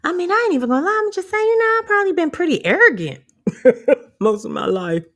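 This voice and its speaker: A woman's voice: very high-pitched, sing-song, quick pace. A middle-aged woman vlogging candidly about empowerment, sassy and profane, laughing often.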